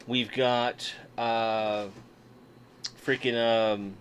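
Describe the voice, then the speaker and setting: A man's voice: mid-range voice, flat delivery, drawn-out words, a little hiss or hum. A man hosting a casual livestream from his desk, chatting and joking with viewers while unboxing toys. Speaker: livestream host. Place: home room at a desk.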